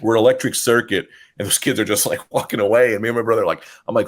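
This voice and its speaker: A man with a lowish voice, chatting casually on a podcast. He tells stories in a loose, profane, animated way, with lots of restarts and quoted voices. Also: very fast. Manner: profane, animated anecdote telling. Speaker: podcast co-host. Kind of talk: casual chat, storytelling.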